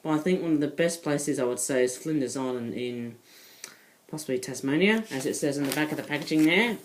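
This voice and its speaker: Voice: medium pitch, fairly quick, a little hiss or hum, rough recording. Toy reviewer from the UK, British accent, casual vlog delivery, wanders off on tangents. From United Kingdom. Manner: rambling, digressive, with frequent asides.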